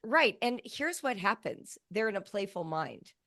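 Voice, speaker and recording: A woman in her fifties, a writing educator talking as a guest, who tells animated stories and acts out quoted lines. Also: medium pitch, unhurried, a crowd in the background. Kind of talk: conversational interview.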